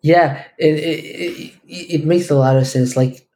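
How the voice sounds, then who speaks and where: A man from Portugal whose first language is Portuguese, speaking as a podcast guest in a thoughtful, halting way with many restarts. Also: a little high, fairly even intonation, dark tone. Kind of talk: casual podcast conversation.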